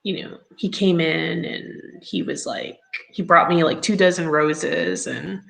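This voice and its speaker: A grown woman telling her own story as an interview guest, chatty and halting with many ums and laughs along the way. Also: fairly low pitch, fairly even intonation, creaky, a bit bright, rough recording. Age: adult.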